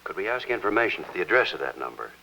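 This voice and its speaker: An actor playing a middle-aged hospital chaplain in a 1950s television drama, asking calm, earnest questions. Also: male voice, deep voice, very fast, a little hiss or hum, heavily acted, low-quality recording.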